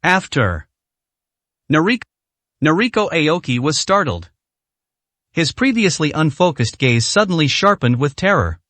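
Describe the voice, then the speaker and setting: A man narrating a dramatic story in a scripted, expressive reading. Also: on the high side, normal speed, dry recording.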